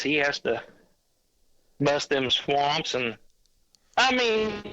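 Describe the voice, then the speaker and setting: A man, a podcast guest calling in by phone, telling a hunting story in a rambling, animated way. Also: fairly high pitch. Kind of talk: casual chat. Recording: dull lo-fi phone line.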